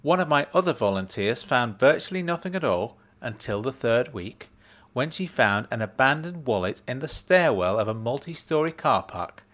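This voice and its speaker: A man's voice: medium pitch, sing-song, moderate pace. A man reading a story, voicing a breezy, upbeat woman researcher in a raised, chirpy voice. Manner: bright, chirpy, casual.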